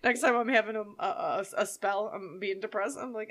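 A woman co-hosting a podcast in casual chat, loud, profane and jokey. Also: mid-range voice, fairly quick. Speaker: podcast co-host.

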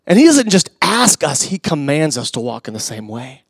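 A middle-aged male pastor delivering a sermon in a fairly high voice. He talks conversationally, with asides to the congregation, and drops from loud emphasis into hushed near-whispers. The sound is dry and close, with little room echo. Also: very animated, normal speed, creaky, few pauses.

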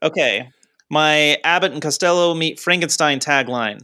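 Bright-voiced man joking on a podcast. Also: a little high, moderate pace, no room sound, studio quality. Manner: hesitant starts, then jokey. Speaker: podcast co-host. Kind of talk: casual chat.

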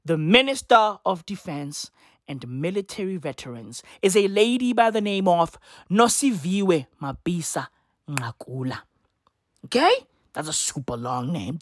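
A woman rants on camera with a swinging, lively delivery, full of slang and swearing. Her voice sits fairly high and the sound is close and dry, with no room around it. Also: dry recording. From South Africa. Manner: animated, swearing, slangy, repeats punchlines. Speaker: comedic vlogger. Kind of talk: profane comedic rant to camera.

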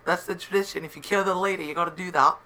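A man with a Scottish accent playing a boastful, rambling tall-tale teller in an improvised comedy sketch, deadpan and repetitive. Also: high voice, rapid-fire, heavily acted. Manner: deadpan, rambling, repeats himself.

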